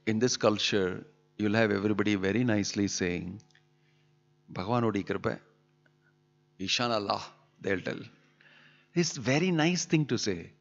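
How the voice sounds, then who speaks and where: A man's voice: medium pitch, dull audio. A man giving a sermon on scripture, asking scolding rhetorical questions. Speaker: spiritual teacher.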